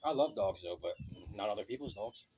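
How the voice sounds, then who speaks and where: Profane low-voiced man ranting outdoors. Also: lively intonation, fairly quick, very noisy. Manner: profane, blunt, storytelling. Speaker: vlogger. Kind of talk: casual rant to camera.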